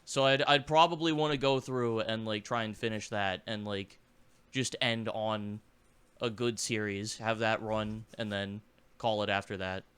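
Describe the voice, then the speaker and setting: A man's voice: lowish voice, fairly even intonation, a bit bright, smooth. Hesitant young man with a sore throat. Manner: hesitant, halting, many restarts. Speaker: podcast co-host. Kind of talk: casual chat.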